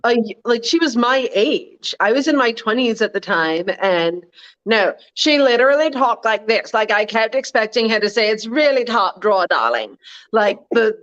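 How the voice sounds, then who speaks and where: A woman's voice: on the high side, normal speed, fairly bright tone. A woman co-hosting a casual live chat, telling stories in a chatty, wry way. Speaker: co-host. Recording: dull, lo-fi audio.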